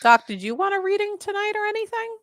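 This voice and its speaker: A woman's voice: very high-pitched, very animated, fast, no echo. Laughing woman co-hosting a stream. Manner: laughs often, brief chatty interjections. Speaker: co-host. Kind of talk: casual livestream chat.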